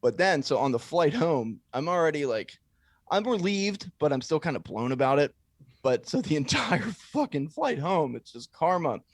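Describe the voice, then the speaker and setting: A man's voice: fairly high pitch, normal speed, dry recording, studio quality. A young man co-hosting a podcast, telling a long embarrassing story in casual, rambling chat with plenty of swearing. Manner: animated, swears freely, rambling anecdote. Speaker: podcast co-host.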